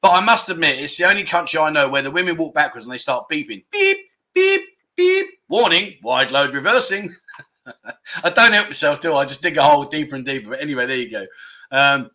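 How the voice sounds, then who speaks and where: A man's voice: on the high side, fast talker, pushed and bright. A man from England hosting a casual livestream, rambling through self-deprecating banter and reading out viewer comments. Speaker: livestream host.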